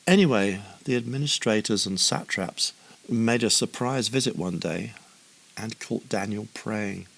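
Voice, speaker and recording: A man's voice: on the low side, measured pace, vocal fry. A man narrating a children's story with a playful, wry manner and humorous asides.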